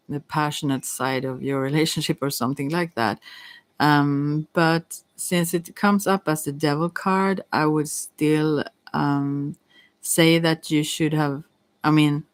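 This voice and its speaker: A woman's voice: low-pitched, no echo. Giggly woman giving a tarot reading. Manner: chatty, giggly, hesitant with many fillers. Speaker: tarot reader. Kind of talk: casual live-stream tarot reading.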